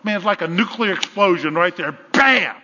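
A pastor with a Southern US accent preaching a sermon in a church, retelling a story with animated repetition. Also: male voice, high-pitched, fast talker, a little hiss or hum. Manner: animated storytelling with repeated phrases. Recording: echoey hall, dull lo-fi sound.

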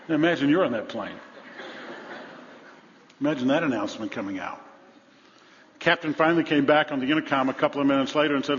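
A man's voice: brisk, long pauses. Man, pastor preaching, dynamic delivery, long hall echo, muffled sound. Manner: dynamic preaching, rising to loud emphasis then dropping low and soft; storytelling with humor. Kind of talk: sermon.

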